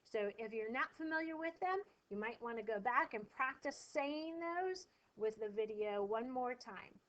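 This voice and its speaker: A woman's voice: on the high side, lively intonation, a little slow, a bit bright, highs cut off. A woman teacher explaining a lesson to her pupils, coaxing them with questions and reading the examples aloud with emphasis. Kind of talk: classroom lesson video.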